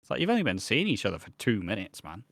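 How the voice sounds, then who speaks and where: Bright-voiced man, casual. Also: on the low side, big pitch swings, quick pace, breathy edge, no echo, studio quality. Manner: rambling, swears freely, acts out quotes. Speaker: podcast co-host. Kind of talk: casual chat recapping a soap.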